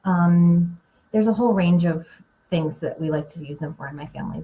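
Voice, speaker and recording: A woman hosting a casual live class, a chatty storyteller who gets animated telling anecdotes. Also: on the low side, dull audio. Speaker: essential oils class host and Reiki practitioner.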